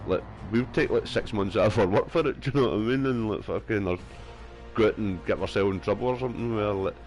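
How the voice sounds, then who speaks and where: A man's voice: fairly low pitch, fast talker, a little mellow, soft background music. A young man, chatting casually and rambling with lots of fillers and swearing while he plays a game. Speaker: gaming streamer. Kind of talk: casual chat while gaming.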